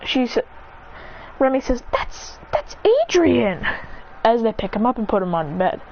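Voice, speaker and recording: A woman's voice: on the high side, lively intonation, brisk, darkish tone. A woman casually narrating an improvised story, rambling and correcting herself as she acts out the characters' lines. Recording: dull lo-fi recording with faint noise.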